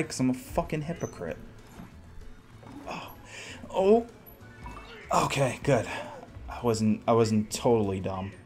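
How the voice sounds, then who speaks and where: Profane young man shouting at a game. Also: on the low side. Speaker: gaming podcast host. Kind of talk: casual solo let's play commentary.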